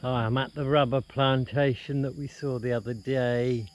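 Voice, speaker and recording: A man with a mid-range, fairly even voice at normal speed gives a casual, rambling home tour as a vlogger, frequently restarting, moving from inside his house to outdoors at a plantation.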